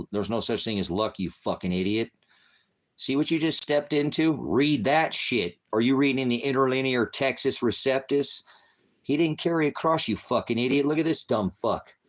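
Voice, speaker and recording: A man preaching in an angry livestream rant, cursing heavily and berating someone in his chat. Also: medium pitch. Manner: heavy cursing, insulting and berating; confrontational, talks to a commenter. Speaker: online preacher.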